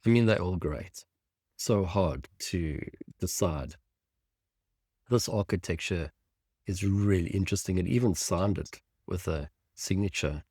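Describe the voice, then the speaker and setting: A man's voice: low-pitched, a little slow, a little mellow, breathy edge, dry recording, studio quality. A man teaching a design tutorial over a screen share, thinking aloud with enthusiasm as he clicks through images. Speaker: design instructor.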